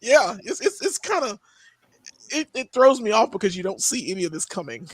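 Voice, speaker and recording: A young man riffs casually on a movie podcast, his fairly high voice bouncing through a wide, lively range. He talks in animated bursts and leaps into squeaky exclamations. The sound is dry and close. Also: fairly quick, no room sound. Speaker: podcast co-host. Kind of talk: casual chat.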